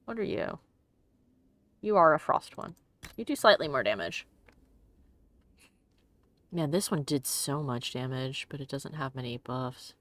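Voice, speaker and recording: A woman's voice: a bass voice, lively intonation, unhurried, long pauses, fairly bright tone, no echo. A woman hosting a let's play, chatting casually and giggling as she plays. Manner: chatty and giggly, exclaims often. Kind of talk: casual gameplay commentary.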